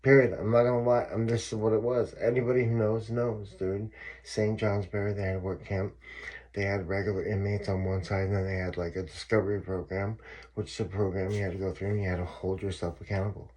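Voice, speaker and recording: A man talks straight to his audience in a casual storytelling vlog. His voice sits deep and comes out husky. He swears freely and hammers his points home by saying them more than once. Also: level tone, brisk, darkish tone. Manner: profane, emphatic, repeats himself. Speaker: vlogger telling his own story.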